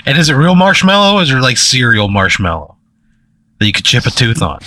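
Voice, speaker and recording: Bright, incredulous young man swearing. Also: medium pitch, big pitch swings. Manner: incredulous, swearing, quick questions. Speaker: podcast co-host. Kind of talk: casual comedic banter.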